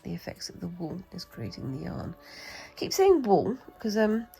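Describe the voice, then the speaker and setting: A British woman with a cold talks her way through a craft demonstration, chatty and rambling as she mutters to herself over the work. Her voice sits low with a gravelly fry, and soft music plays faintly behind her. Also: big pitch swings, normal speed, poor audio. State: has a cold. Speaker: craft vlogger. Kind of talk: casual demonstration while crafting.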